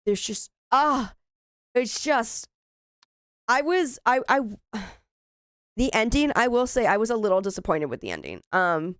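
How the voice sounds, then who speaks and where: A woman's voice: fairly high pitch, very animated, unhurried, pauses often, fairly bright tone, clear, resonant tone, no room sound. Chatty woman streamer, dry close sound. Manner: chatty, exclaims in frustration. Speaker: gaming streamer. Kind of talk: casual let's-play commentary.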